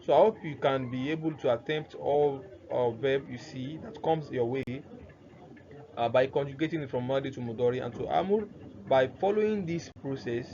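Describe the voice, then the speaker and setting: A man's voice: medium pitch, normal speed, mellow. A man teaching grammar, who keeps posing "what?" questions and answering them himself, repeating the key terms. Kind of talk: explanatory lesson. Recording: dull lo-fi recording with faint noise.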